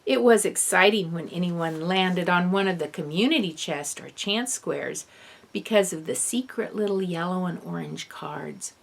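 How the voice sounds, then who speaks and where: A woman reading a first-person children's novel aloud in an expressive storybook narration. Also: lowish voice, moderate pace, vocal fry. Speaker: audiobook reader.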